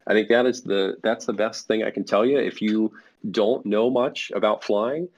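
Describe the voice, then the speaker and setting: A man's voice: on the low side, steady tone, moderate pace. A man speaking as a guest for a flight sim network in a casual podcast interview, rambling with many fillers and restarts. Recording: dull lo-fi audio.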